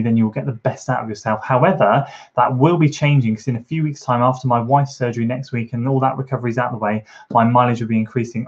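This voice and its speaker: On a live stream from his home kitchen, a man with a mid-range voice chats casually, reading chat comments aloud and answering them. The audio is dull, and he's encouraging as he rambles along with fillers.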